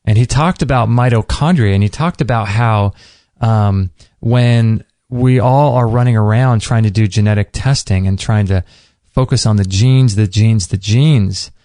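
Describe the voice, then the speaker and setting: Male podcast host, low gravelly voice, dry close sound, rambling casual delivery. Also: darkish tone, no room sound. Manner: rambling, searching for words. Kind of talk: casual solo podcast recap.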